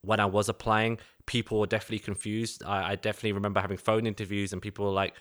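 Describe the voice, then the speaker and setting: Bright-voiced Cockney man. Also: lowish voice, little pitch movement, racing. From East London, England. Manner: chatty, storytelling, laughs easily. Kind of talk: casual conversation.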